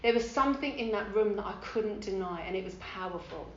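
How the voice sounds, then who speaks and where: A woman with a London accent tells her recovery story at a meeting in a frank, animated way, swearing freely and acting out the voices of the people in it. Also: medium pitch, fairly quick, echoey room, lo-fi sound, a little hiss or hum. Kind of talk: personal recovery testimony at a meeting. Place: meeting hall.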